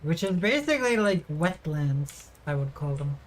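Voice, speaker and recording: A woman's voice: low-pitched, big pitch swings, normal speed. A woman from Sweden livestreaming in a loose, rambling way. She giggles often and swears without a second thought as she chats with her viewers. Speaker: streamer. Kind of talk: casual livestream chat.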